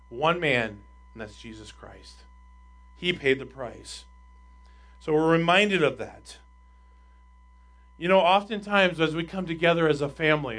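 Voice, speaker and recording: A male pastor delivers a sermon in a bright, forceful voice that sits a little high. He drives points home with rhetorical questions, rising loud on key lines and dropping quiet on others. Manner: emphatic, swings between loud and quiet; asks the congregation rhetorical questions.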